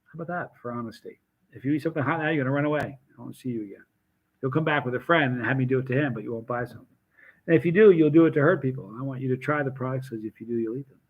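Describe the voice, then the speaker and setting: A man hosting a casual live stream, telling animated stories with restarts and acted quotes. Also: mid-range voice, very fast, slightly rough, narrow, tinny audio. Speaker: hot sauce seller and channel host.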